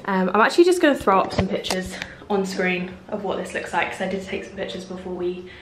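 A young travel vlogger chats casually to her handheld camera, her medium-pitched voice moving a little fast and packed with "like" and easy fillers. Steady background noise runs beneath the noisy handheld recording.

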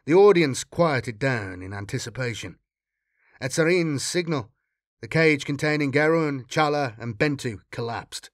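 A man narrates a dark science-fiction tale at a steady, measured pace, building drama as he goes. His voice sits in an ordinary middle pitch and the recording is dry and close, with no room sound. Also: dry recording. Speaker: audiobook reader. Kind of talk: fan reading of a sci-fi story.

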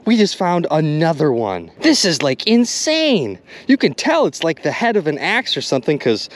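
A man commenting excitedly to his viewers while magnet fishing outdoors by a river. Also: on the high side, normal speed. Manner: excitable, addresses viewers as "you guys".

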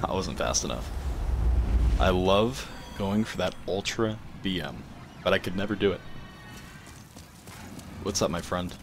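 A man's voice: sits low, animated, measured pace, pauses often, background noise. A man giving casual gameplay commentary as a streamer, joking and swearing freely. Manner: profane, joking trash talk. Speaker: gaming streamer.

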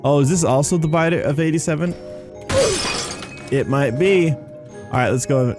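A young man giving casual, rambling commentary on his game, excitable and tired, with faint music behind him. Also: a little high, normal speed. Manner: excitable, rambling, says "dude" and "you guys". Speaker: gaming YouTuber.

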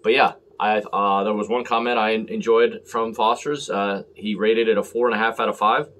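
A man's voice: on the low side, steady tone, normal speed, fairly bright tone. A man talking casually and rambling as he reviews a beer on camera, full of fillers and self-deprecating asides.

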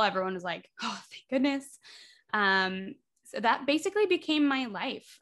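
A woman's voice: medium pitch, fairly bright tone. Chatty young woman, full of fillers. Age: 20s. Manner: chatty, leans heavily on "like" fillers. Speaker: podcast guest, theater artist. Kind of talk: casual podcast conversation.

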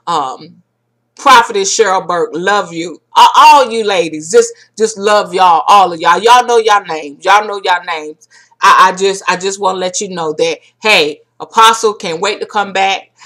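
A warm, effusive woman speaks as a ministry leader in a heartfelt video message. She says "y'all" often and breaks into preacher-like declarations. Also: mid-range voice. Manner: uses Southern-style "y'all".

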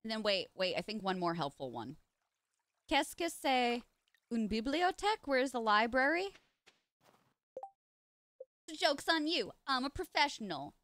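A woman streaming live and chatting casually while she plays, playful and goofy with loud silly outbursts. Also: a little high, very animated, measured pace, long pauses.

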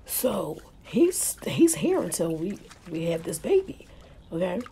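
A young woman with commentates her own gameplay in a loud, reactive way, exclaiming and laughing as she goes. Her voice has a gravelly fry, and she talks at an unhurried pace. A faint hiss of noise sits under the recording. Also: fairly low pitch, big pitch swings, poor audio. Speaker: gaming channel host.

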